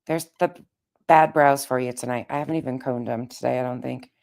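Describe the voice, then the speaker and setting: Raspy, very low-voiced woman streamer. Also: fairly even intonation, brisk, darkish tone. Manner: chatty, greets viewers by name. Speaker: live streamer. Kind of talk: casual live-stream chat.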